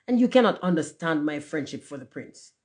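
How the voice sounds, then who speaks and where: A woman's voice: low-pitched, expressive, brisk. A woman voicing a pompous, self-important male firework rocket in a storybook reading, haughty and self-pitying. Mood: indignant.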